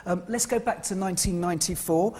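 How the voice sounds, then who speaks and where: Husky male interviewer, hesitant questions. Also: high voice, quick pace, a little mellow. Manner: hesitant, filler-heavy questioning. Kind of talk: TV interview hosting.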